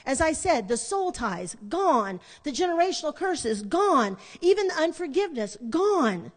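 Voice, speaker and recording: A middle-aged woman delivers a sermon as a lively story, repeating phrases for emphasis and pausing for effect. Her voice sits somewhat high for a woman. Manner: animated storyteller, dramatic pauses and repetition. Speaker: preacher.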